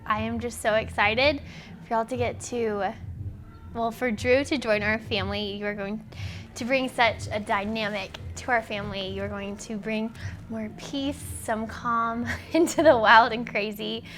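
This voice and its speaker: A woman from the bride's family giving an excited, effusive wedding video message. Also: fairly high pitch, a little slow, slight background noise.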